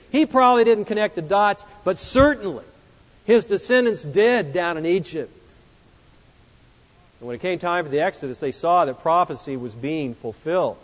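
A man preaching an expository sermon, emphatic, swinging between loud exclamations and hushed, reflective passages. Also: high voice. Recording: muffled sound with long hall reverb.

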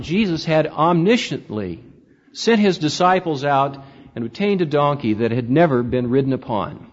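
A man preaching a sermon as pastor, reading scripture aloud and swinging widely in emphasis. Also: fairly high pitch. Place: church sanctuary. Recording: dull, lo-fi sound with long church reverb.

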